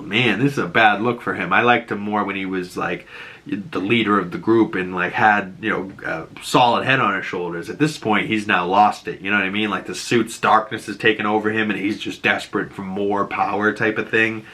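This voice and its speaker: Man, bright voice, casual show recap, chatty, lots of "like" and "you know". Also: lowish voice. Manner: chatty, filler-heavy, laughs at his own quotes. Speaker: reaction and breakdown host.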